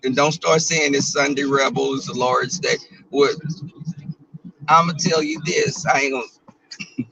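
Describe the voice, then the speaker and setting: A man's voice: mid-range voice, fairly even intonation, a little slow, vocal fry, pauses often, sharp tone, slight background noise, low-quality recording. A man in his twenties with a Southern US accent, chatting sassily and joking with his live viewers while he drives. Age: 20s. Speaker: vlogger streaming live. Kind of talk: casual chat. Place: car, driving.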